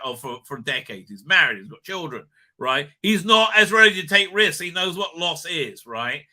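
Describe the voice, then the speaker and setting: A man hosting a live stream, rambling excitedly with lots of fillers and tag questions. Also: a little high. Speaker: show host. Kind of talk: live-stream fan commentary.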